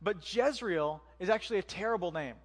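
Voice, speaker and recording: A man's voice: sits high, fairly quick, big-room sound. A man giving a conversational sermon as pastor, using joking asides and rhetorical questions.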